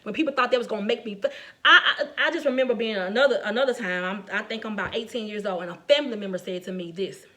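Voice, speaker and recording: A middle-aged woman giving a faith-based talk, telling personal stories in a conversational, animated way, often laughing and speaking straight to her listeners. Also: medium pitch, fast.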